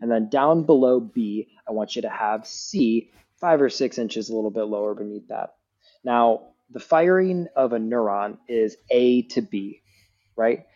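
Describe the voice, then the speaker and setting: Mellow-voiced man explaining with energy. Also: mid-range voice, a little slow, dull audio. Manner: animated teacher, frequent "like" and "right?". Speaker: guest neuroscientist. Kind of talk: casual explanatory podcast talk.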